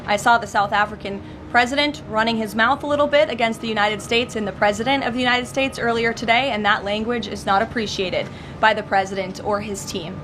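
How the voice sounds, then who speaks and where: A woman speaking as a government spokesperson at a press briefing, firm and measured. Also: medium pitch, fairly bright tone, a little hiss or hum.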